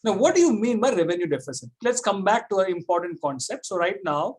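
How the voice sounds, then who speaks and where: A man's voice: sits high, big pitch swings, quick pace, a little mellow. A man teaching a classroom economics lecture, repeating points and checking often that students follow.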